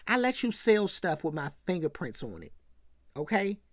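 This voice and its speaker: Woman putting on a cocky young man, smug, dismissive, dropped low, dry close sound. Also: big pitch swings, moderate pace, dry recording. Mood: defensive. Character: cocky young male actor, defensive partier.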